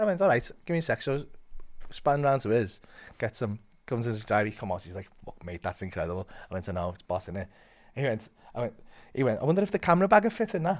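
A man telling a story as a comedian guest, swearing a lot and acting out quotes with big swings in loudness. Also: medium pitch, big pitch swings, fast. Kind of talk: animated storytelling.

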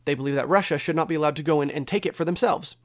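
A man's voice: fairly high pitch, very fast. A man from the United States giving an unscripted news update, talking it through conversationally with restarts and hedges. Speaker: commentator.

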